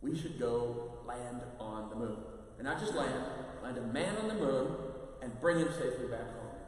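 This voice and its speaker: A priest giving a parish mission talk in a conversational, animated way, acting out quotes. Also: male voice, medium pitch, normal speed, slight background noise. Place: large church. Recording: echoey church, voice from far off.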